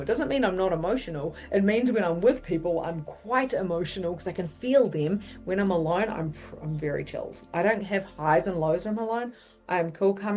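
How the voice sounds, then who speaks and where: A woman's voice: lowish voice, a little mellow. A woman psychic medium and spiritual coach teaching in a casual, chatty way, often checking in with "okay?" and now and then swearing bluntly.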